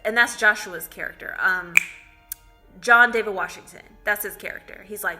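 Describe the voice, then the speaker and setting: Bright-voiced woman chatting about a movie. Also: medium pitch, normal speed, faint music behind. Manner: chatty storytelling with many "like"s. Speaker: movie reviewer. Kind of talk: casual spoken film recap.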